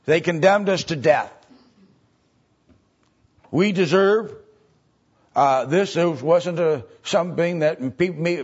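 Slow husky-voiced male preacher. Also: fairly high pitch, lo-fi sound. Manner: halting, explains step by step, many filler sounds. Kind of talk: sermon.

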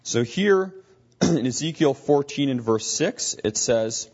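A man's voice: mid-range voice, lively intonation, slow, darkish tone, husky, highs cut off. A man teaching a Bible lesson, explaining as he thinks aloud and often restarting his sentences.

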